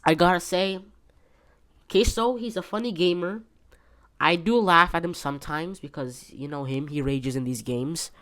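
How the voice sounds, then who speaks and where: A man's voice: on the high side, moderate pace, a bit bright, clean tone, no room sound. A man hosting a casual solo podcast from his bedroom, rambling with many fillers and restarts. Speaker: podcast host.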